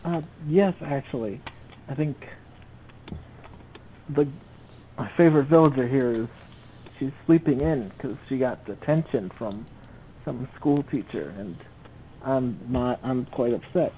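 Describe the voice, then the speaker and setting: A man's voice: medium pitch, measured pace, long pauses, dull audio, a little hiss or hum, close to an everyday voice. A man voicing a prim, hesitant shapeshifter girl. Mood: prim, put out. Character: shy shapeshifter girl in human form.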